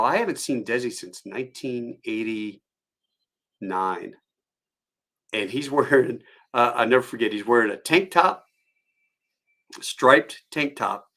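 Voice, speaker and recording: A man's voice: mid-range voice, pushed and bright. A man in his fifties, a pilot, telling a rambling story on a solo live stream, full of fillers and side tangents. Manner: rambling and digressive, with many fillers.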